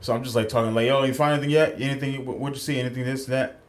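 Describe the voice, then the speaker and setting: A man's voice: medium pitch, steady tone, rapid-fire. A man co-hosting a podcast, telling a story in casual chat, acting out the quotes and swearing freely, at a studio mic. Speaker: podcast co-host.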